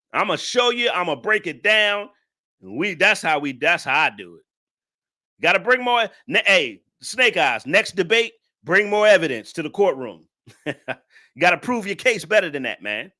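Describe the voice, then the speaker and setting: Guy hosting a live reaction stream, super bright voice, goes up and down a lot, teasing his chat. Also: sits high. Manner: mocking, laughs often, talks to chat.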